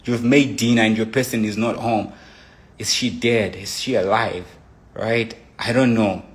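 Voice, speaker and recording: A man's voice: fairly low pitch, unhurried. Man emotionally retelling a personal story. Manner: animated retelling, quoting his own texts aloud.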